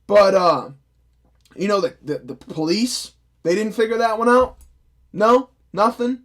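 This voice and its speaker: A man's voice: high voice, measured pace, fairly bright tone. A young man delivering a profane, sarcastic, exasperated movie review rant. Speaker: film reviewer. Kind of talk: ranting vlog review.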